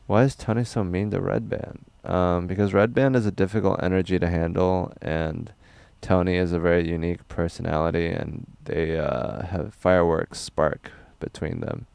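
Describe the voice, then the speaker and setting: A young man livestreaming, reading chat questions aloud in a loose, rambling, crude and deadpan way. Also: deep voice, normal speed, vocal fry, few pauses, smooth, no room sound.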